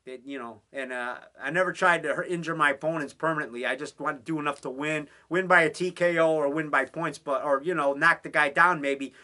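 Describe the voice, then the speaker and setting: A man's voice: on the high side, pushed and bright. A man hosting a casual home broadcast from his basement, talking on and on with plenty of fillers and restarts. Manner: enthusiastic, rambling, with many fillers and restarts. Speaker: indie horror filmmaker hosting a home broadcast. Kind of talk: rambling casual monologue.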